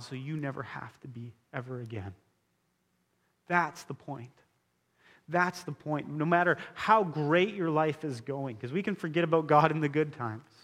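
Man, pastor preaching, earnest and emphatic, slightly higher voice, long church-hall reverb. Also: fairly bright tone. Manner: earnest, emphatic preaching with repeated key phrases. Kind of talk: sermon.

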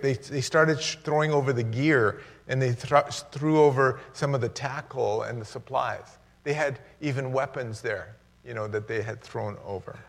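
A middle-aged man, a guest preacher, giving a sermon with jokes and laughter that turns earnest and quiet. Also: mid-range voice.

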